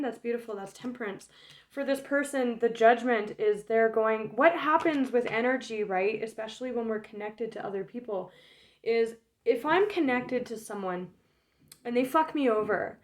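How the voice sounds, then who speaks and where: Woman, tarot reader, high-ish voice, frank, swearing, emotional, chatty fillers. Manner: animated, laughs often, emotional. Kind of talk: casual tarot reading.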